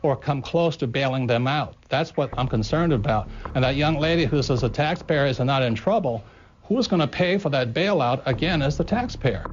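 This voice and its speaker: A man's voice: mid-range voice, expressive, normal speed. A man presses his case on a television panel with pointed questions. The broadcast sound is dull, and a faint noise runs beneath it. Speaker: panel guest. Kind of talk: TV panel discussion.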